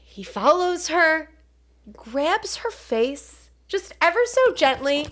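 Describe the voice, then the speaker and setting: A woman's voice: very high-pitched, sing-song, takes it slowly, fairly bright tone, slight background noise. A woman with a Long Island accent co-hosting a podcast, chatting casually about a film with lots of fillers. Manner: chatty, full of fillers, does voices. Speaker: podcast co-host. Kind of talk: casual film review chat.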